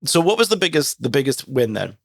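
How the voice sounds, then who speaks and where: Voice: medium pitch, big pitch swings, a little fast, vocal fry, fairly bright tone, no echo, studio quality. A podcast host asking an interview question, rambling and restarting.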